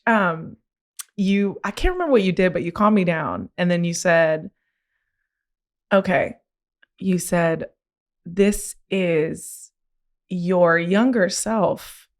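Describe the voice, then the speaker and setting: A woman hosting a podcast, telling a personal story in a candid, slangy way, her voice climbing when she gets worked up. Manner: animated, rising pitch when excited; casual, slangy. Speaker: podcast host.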